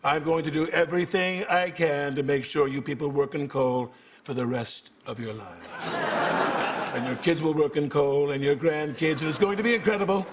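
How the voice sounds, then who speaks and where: An actor playing a brash, boastful president in a sketch comedy impression, with pouty, drawn-out phrasing. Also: male voice, fairly high pitch, close to an everyday voice. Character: brash, boastful male president, late middle-aged. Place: TV studio stage with live audience. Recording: noisy broadcast TV audio.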